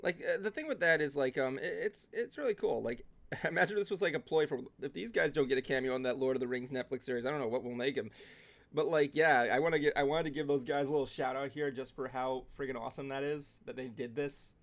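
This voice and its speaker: A woman's voice: a bass voice, fast talker. A woman chatting casually on a talk show, rambling and laughing between thoughts. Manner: rambling, laughing, lots of fillers. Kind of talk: casual chat.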